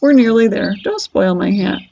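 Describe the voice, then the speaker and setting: A woman reading a storybook aloud and voicing an eccentric male candy maker who talks in a brisk, cheerful, commanding way. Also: mid-range voice, expressive, vocal fry, mellow, a little hiss or hum. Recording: dull lo-fi recording.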